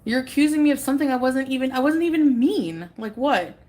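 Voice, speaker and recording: Tired woman ranting on a livestream, kinda high voice, cranky and swearing a lot. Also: fairly quick, mellow. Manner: defensive, irritated, swearing. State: tired and unwell. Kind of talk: casual livestream chat.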